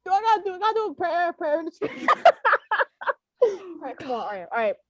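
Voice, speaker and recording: A woman's voice: very high-pitched, very animated, brisk. A young woman co-hosting a podcast in casual chat, emotional, pleading and laughing, swearing freely. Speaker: podcast co-host. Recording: dry, dull lo-fi sound.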